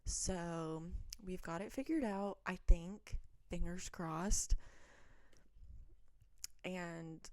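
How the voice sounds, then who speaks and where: Young girl chatting and reading stories out loud, kinda low and warm, super dry close sound. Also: steady tone, extremely slow, long pauses, dry recording. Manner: chatty, rambling asides. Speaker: vlogger reading online stories. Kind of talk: casual chat and reading aloud.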